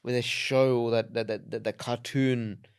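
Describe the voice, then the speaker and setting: A man's voice: medium pitch, level tone, moderate pace, smooth. A man hosting a podcast, agreeable and asking short questions. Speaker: host. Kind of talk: casual chat.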